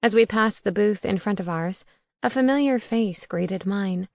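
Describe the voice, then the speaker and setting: A woman's voice: medium pitch, measured pace, gravelly, darkish tone, no echo. A woman narrating a first-person audiobook in a wry, conversational way on a close studio mic.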